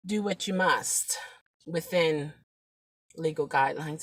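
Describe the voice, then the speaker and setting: A woman's voice: lowish voice, expressive, moderate pace. A woman who drives rideshare, talking to the camera in a chatty, preachy way, rambling with fillers and sometimes dropping to a whisper. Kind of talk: casual vlog talk.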